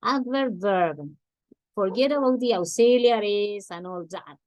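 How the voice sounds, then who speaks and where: Woman, English teacher, unhurried, dry close sound, patient repetition. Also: mid-range voice, no echo. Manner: patient, repeats examples slowly, checks with "Yes?". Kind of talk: grammar lesson.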